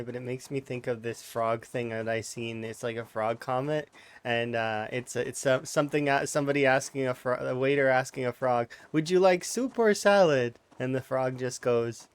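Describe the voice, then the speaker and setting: A man's voice: mid-range voice, level tone, moderate pace, smooth. A man streaming a game, giving rambling, casual tips to his chat and chatting to the animals in the game. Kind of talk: casual let's-play commentary.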